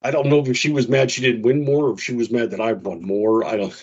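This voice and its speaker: A man chats casually on a radio show, spinning a story and slipping into raised voices for the people he quotes. His voice is husky, at an ordinary pitch for a man. The sound is dull and lo-fi. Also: fairly even intonation, fairly quick, a little mellow.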